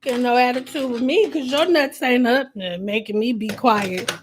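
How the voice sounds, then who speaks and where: A woman hosting a casual hair care livestream, talking animatedly with a sassy, blunt manner and swinging between loud outbursts and quiet asides. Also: a little high, normal speed, slight background noise. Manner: says her own voice sounds a little aggressive.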